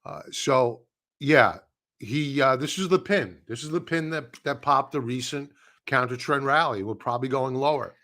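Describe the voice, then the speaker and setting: Male livestream trading host, mid-pitched, blunt and scoffing, repeats himself for emphasis. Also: normal speed, fairly bright tone. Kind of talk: casual live market commentary.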